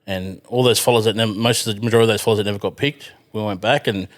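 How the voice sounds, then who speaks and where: A man's voice: on the low side, steady tone, very fast. A man with an Australian accent, a podcast guest telling rambling stories in casual chat, full of fillers, restarts and the odd swear word.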